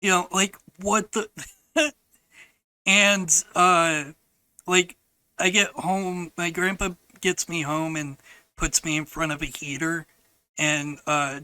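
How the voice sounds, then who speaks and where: A man telling a personal story on his podcast, in a frank, halting and profane way. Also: fairly high pitch, sharp tone, no echo, poor audio.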